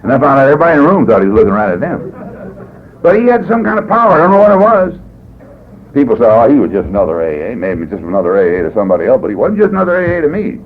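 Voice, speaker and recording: A man's voice: medium pitch, huge pitch swings, very fast. A man from California speaking at a recovery meeting, telling his story in a folksy, rambling way, often adding "boy" and "you know.". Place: meeting hall. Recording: tinny phone-like 1980s tape, faint hiss.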